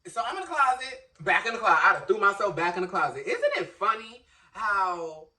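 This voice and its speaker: A man telling a story in a casual vlog, animated and dramatic, acting out his own inner monologue. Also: high-pitched, brisk, far from the mic.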